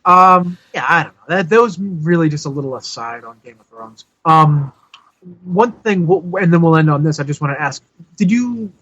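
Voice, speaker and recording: A man's voice: fairly high pitch, expressive, normal speed, sharp tone, no echo. Rambling male podcast co-host, dull dry sound. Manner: rambling, self-interrupting, lots of fillers. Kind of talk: casual chat.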